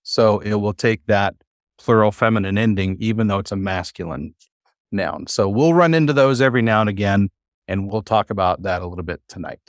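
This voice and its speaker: A man's voice: on the low side, fairly quick, no echo, studio quality. A man teaching a classroom lesson, patient and encouraging, with many fillers. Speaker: Hebrew teacher.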